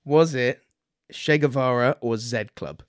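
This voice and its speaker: A man's voice: mid-range voice, unhurried, dry recording, studio quality. Easygoing male podcast co-host. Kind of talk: casual chat.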